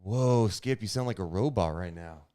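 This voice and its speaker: A man's voice: lowish voice, normal speed, dark tone. A man co-hosting a live podcast chat, playful and emphatic, with a young-adult voice. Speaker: podcast co-host.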